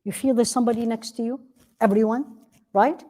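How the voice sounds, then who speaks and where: Warm-voiced woman teaching a religious class. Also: fairly high pitch, fairly even intonation, fairly quick. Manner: earnest, asks rhetorical questions and answers them; repeats key phrases for emphasis. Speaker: Islamic teacher. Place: classroom with a live audience.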